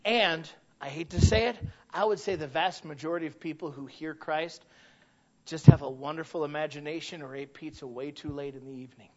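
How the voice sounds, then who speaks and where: A man with a high-pitched voice preaches a sermon with passion, and his stories sometimes build to shouts. The recording sounds dull and lo-fi. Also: fairly quick. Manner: impassioned, rising to shouted emphasis; storytelling asides.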